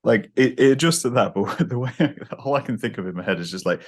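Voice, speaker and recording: A man's voice: mid-range voice, fast talker. A man with a light British accent, hosting a podcast and chatting casually, often restarting his sentences and laughing as he talks. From United Kingdom. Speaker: podcast host. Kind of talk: casual chat. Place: New York.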